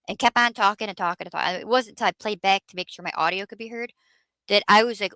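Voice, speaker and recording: A woman's voice: mid-range voice, fast talker, bright, forceful tone, dry recording. A woman hosting a casual livestream, chatting with viewers in a rambling, self-mocking way. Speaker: livestream host.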